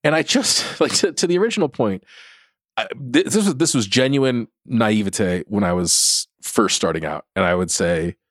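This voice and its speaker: A man talks in a relaxed podcast chat, laughing often and tripping over restarts. His pitch swings lively up and down. The sound is dry and close to the mic. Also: normal speed, no room sound. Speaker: podcast co-host, cookbook writer. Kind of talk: casual chat.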